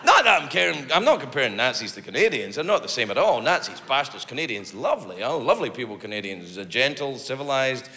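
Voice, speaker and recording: A man's voice: medium pitch, sing-song, quick pace, few pauses, pushed and bright. A man doing a stand-up routine, brash, profane and mocking. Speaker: stand-up comedian. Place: comedy venue with live audience. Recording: reverberant venue with laughing audience.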